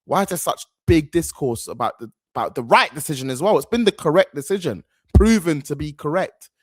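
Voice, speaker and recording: A man's voice: on the high side, lively intonation, fairly quick, husky, dry recording, studio quality. A young man, giving slangy, rambling, outspoken reaction commentary as a football fan host.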